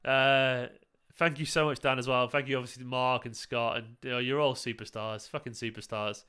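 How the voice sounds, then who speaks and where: A man hosts a live football watchalong, chatting casually and gushing thanks to his viewers between remarks on the game. His voice is bright and clean, with loose, frequent swearing. He sounds tired and a bit emotional. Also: mid-range voice, steady tone, normal speed, clean tone. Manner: effusive, swears freely, thanks viewers by name. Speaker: streamer hosting a football watchalong. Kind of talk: casual live-stream chat and commentary.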